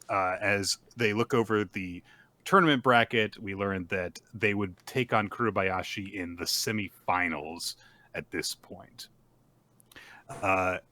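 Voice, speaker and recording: A man's voice: low voice, pushed and bright. A man hosting a casual chat show, recapping a story in a laid-back way with lots of fillers and frequent laughs. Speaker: podcast host.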